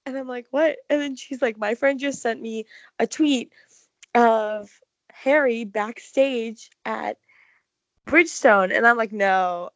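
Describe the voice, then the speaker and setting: A young woman co-hosting a casual chat, telling an excited, gushing story full of "like". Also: fairly high pitch, slow, no echo. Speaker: podcast co-host.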